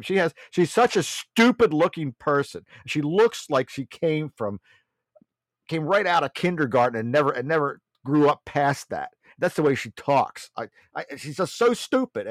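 A blunt, mocking male talk show host speaking in a fairly high, lively voice that rises and falls a lot. The sound is dry and close. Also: normal speed, dry recording. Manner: blunt, mocking, keeps addressing listeners as folks. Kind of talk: political talk show monologue.

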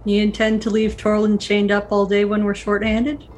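A woman's voice: mid-range voice, monotone, moderate pace, a little mellow, faint music behind. A woman playing a tabletop game, asking matter-of-fact questions. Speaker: player. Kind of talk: casual tabletop play.

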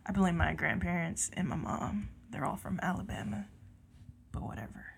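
A San Jose, California woman co-hosts a casual podcast, her speech slipping into a Southern country twang. Lively, profane and quick to laugh, she speaks in a lowish, creaky, husky voice.

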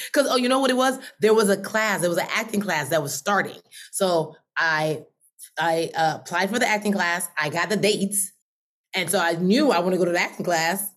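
A woman telling a personal story as an interview guest, animated, laughing often and acting out her past thoughts in quick voices. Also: medium pitch.

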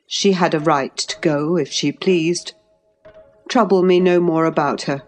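A woman voicing a proud gentleman of the house in an audiobook, speaking in a clipped, commanding way. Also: low voice, unhurried, faint music behind. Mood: cold. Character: stern gentleman, agitated then coldly proud.

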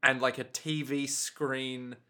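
A man's voice: mid-range voice, little pitch movement, slow pace, sharp tone. A man co-hosting a podcast, trading sarcastic, sweary banter in casual comedic chat. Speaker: podcast co-host.

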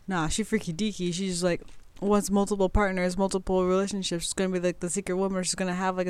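A woman's voice: fairly low pitch, clear, resonant tone, no room sound. A young woman hosting a casual astrology podcast, reading text aloud, tripping over words and swearing casually. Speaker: podcast host.

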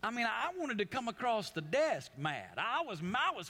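A man's voice: high voice, very animated, normal speed, hardly any pauses, pushed and bright. A man preaching a sermon as pastor, speaking emphatically, repeating and restarting phrases, and putting questions straight to his congregation. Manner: addresses the congregation directly with questions.

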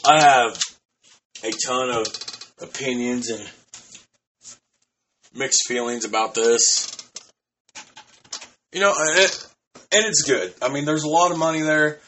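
A man's voice: mid-range voice, slow, pauses often, fairly bright tone, a little hiss or hum. A man in his thirties hosting a solo podcast, rambling loosely and swearing now and then. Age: 30s. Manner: rambling, loose and profane, with frequent restarts. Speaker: podcast host.

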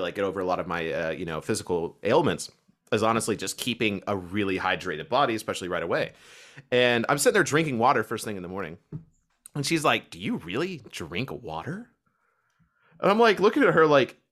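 Kentucky guy in his 20s chatting on a podcast, bright voice, pitch jumps all over, laughs a lot. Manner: animated storytelling, laughs often. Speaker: podcast co-host. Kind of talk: casual chat.

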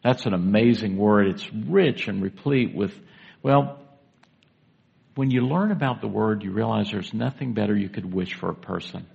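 Gravelly-voiced man preaching a sermon. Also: fairly low pitch, moderate pace, darkish tone, muffled recording. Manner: conversational preaching, asks the congregation questions. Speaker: pastor. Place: church sanctuary with congregation.

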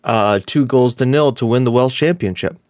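A man co-hosting a stream in casual banter, stumbling and restarting his sentences often. His voice sits at an ordinary middle pitch. It is close-miked and dry, with no room sound around it. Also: moderate pace, darkish tone, no room sound. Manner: rambling, stumbles over words. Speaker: co-host of a live-streamed podcast.

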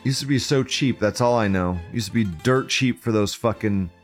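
Hosting a livestream show at a normal speed with faint music behind him, a man reads out forum posts. His reactions are sarcastic and full of swearing, shifting from loud ridicule to quiet muttering.

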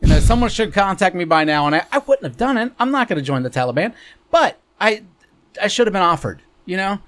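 A man's voice: high-pitched, very animated, fast talker, fairly bright tone. A man hosting a casual podcast, rambling and joking with frequent laughs. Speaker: podcast host.

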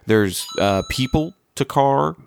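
A man's voice: mid-range voice, lively intonation, slow, creaky, clean tone. A man co-hosting a casual podcast chat, crude and joking, rambling with restarts. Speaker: podcast co-host. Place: lives in Florida. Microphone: own dedicated microphone.

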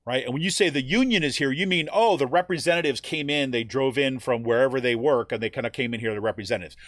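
Talking fast in a medium-pitched voice, this teacher and union member gives a conversational explanation, frequently adding "right?" check-ins and animated quotes. The recording is studio quality with no echo.

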